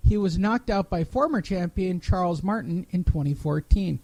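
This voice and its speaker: Sarcastic high-voiced man mocking typos. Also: animated, normal speed, dark tone, no echo, rough recording. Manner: sarcastic, profane, mocks typos. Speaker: podcast host. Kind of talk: casual chat, reading an article aloud.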